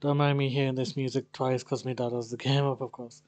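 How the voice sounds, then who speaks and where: A man's voice: medium pitch, little pitch movement, normal speed, no room sound. Chatty male gaming streamer. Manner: chatty, offhand, swears casually. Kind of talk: casual gameplay commentary.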